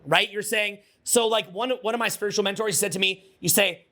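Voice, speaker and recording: A social skills coach leads a live motivational seminar, energetic and freely swearing, getting the audience to repeat his words. His voice is high and brisk, with hardly any pauses.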